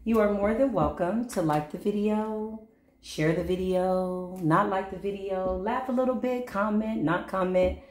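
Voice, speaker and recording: A woman's voice: mid-range voice, unhurried, darkish tone. Woman, tarot reader, playful, teasing, sing-song, echoey room. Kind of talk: channeled tarot reading for viewers.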